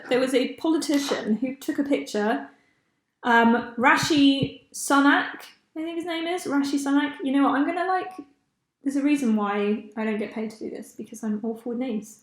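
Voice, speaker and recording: Young woman, podcast host, high-pitched and chatty, recorded in an echoey room. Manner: chatty, laughs often, loses track of names. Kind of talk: casual chat.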